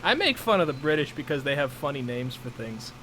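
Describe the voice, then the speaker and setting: A man from the US in a casual gaming chat, excitable and slangy with quick asides. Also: mid-range voice, slight background noise, rough recording. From United States. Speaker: streamer.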